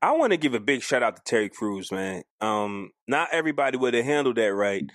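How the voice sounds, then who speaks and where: A man co-hosting a podcast in casual chat, animated and arguing his point, acting out quoted lines. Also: medium pitch, brisk, no echo, studio quality. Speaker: podcast co-host.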